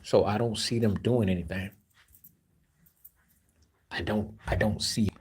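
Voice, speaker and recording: Casual live-stream host, a man, skeptical and blunt, keeps clearing his throat, talking into a phone. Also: lowish voice, steady tone, measured pace, a little mellow, a little hiss or hum. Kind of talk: casual basketball opinion talk. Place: walking while streaming.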